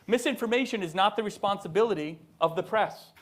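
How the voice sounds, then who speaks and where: Middle-aged man, former politician addressing a student audience, emphatic and animated, higher-pitched voice, lots of restarts. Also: a little fast. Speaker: former governor giving a talk. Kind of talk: public speech to students. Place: university event hall.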